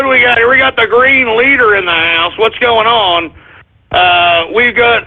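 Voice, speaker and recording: A man hosting an internet radio show, telling a rambling, profane story and running listener shout-outs. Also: sits high, lively intonation, a little slow. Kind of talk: rambling anecdote and show segments. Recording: husky phone-like lo-fi audio.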